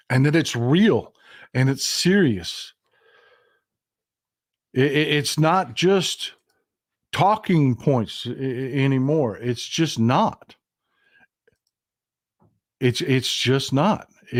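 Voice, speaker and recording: A man's voice: mid-range voice, dry recording. Male livestream host, emphatic and repetitive, dry close sound. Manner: emphatic, repeats himself, stumbles and restarts. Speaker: political commentary host. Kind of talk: livestream political commentary.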